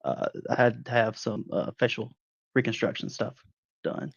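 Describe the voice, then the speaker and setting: A man's voice: mid-range voice, moderate pace, creaky, slightly rough, no echo. Wrestler guy doing an in-character interview, aggrieved and cocky, muffled lo-fi call sound, dry. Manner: defensive, aggrieved, boastful. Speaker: guest wrestler.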